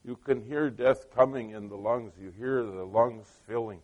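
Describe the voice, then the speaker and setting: A man's voice: mid-range voice, normal speed, a little mellow, muffled recording. A middle-aged man preaching a sermon, telling stories in a conversational way with many asides and questions put to the listeners. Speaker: pastor.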